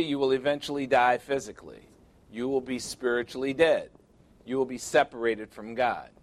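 A middle-aged man preaching a sermon, reading scripture aloud and pressing his points with rhetorical questions. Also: mid-range voice. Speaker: pastor.

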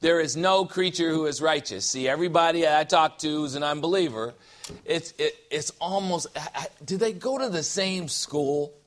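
Bright-voiced, high-pitched joking preacher. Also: male voice, normal speed. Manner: animated, joking asides, rhetorical questions. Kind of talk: sermon with humor.

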